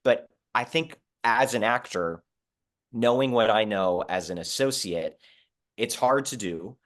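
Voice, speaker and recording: A young man with a fairly low voice talks through his theater experience in an interview. He is earnest and animated, often restarting sentences and filling with "like". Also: measured pace. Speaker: Broadway performer and associate. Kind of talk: conversational interview.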